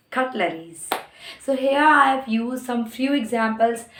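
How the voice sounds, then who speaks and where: A woman with an Indian English accent giving an English lesson, repeating example words slowly and clearly. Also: on the high side. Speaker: English teacher. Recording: roomy echo.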